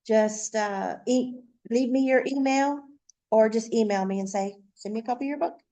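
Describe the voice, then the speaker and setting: Mellow-voiced woman guest speaker. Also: fairly high pitch, moderate pace. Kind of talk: casual talk to a meeting audience. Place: meeting room with an audience.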